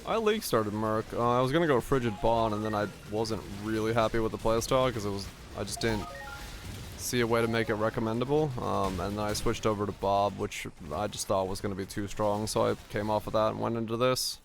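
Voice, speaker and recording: A man's voice: fairly low pitch, brisk, vocal fry, soft background music. A man casually commenting while he plays a game on stream, rambling and answering chat questions as he goes.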